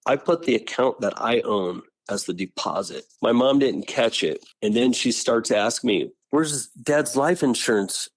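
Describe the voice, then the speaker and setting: Animated man telling a family story. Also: lowish voice, moderate pace, hardly any pauses, no room sound. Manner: animated, acts out family members' lines. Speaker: guest telling his story. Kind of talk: personal storytelling interview.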